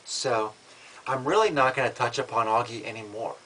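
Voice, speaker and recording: Man in a measured, defiant vlog rant. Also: medium pitch, fairly bright tone, a little hiss or hum, low-quality recording. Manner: measured, matter-of-fact, defiant; frequent restarts and repeated words. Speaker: vlogger. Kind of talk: casual vlog monologue.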